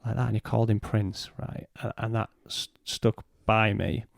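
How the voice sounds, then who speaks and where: A man, a podcast guest, telling a personal story in a halting way and retelling what was said in his own words. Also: lowish voice, little pitch movement, vocal fry, no room sound, clean studio sound.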